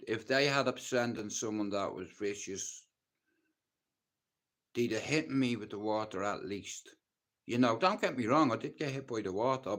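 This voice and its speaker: A man with a Dublin accent speaks in a blunt, intense way. He talks casually and swears freely as he tells his own rough life story to a livestream audience. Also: medium pitch. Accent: Dublin Irish.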